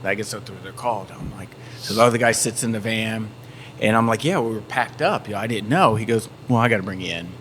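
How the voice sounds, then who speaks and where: A man telling a story in a casual chat, acting out shouted quotes as he goes. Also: on the low side, fast talker. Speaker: band member. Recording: faint background noise.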